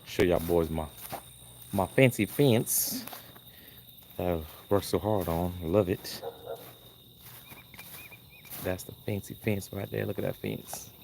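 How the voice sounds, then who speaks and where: A man's voice: low voice, steady tone, a little slow, vocal fry, long pauses, a little hiss or hum. A man breeding dogs, vlogging live at night outdoors in his kennel yard, rambling and talking to himself as he films on his phone. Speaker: dog breeder. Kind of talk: casual live vlog. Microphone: handheld phone camera. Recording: loud crickets and insects at night. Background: crickets and night insects.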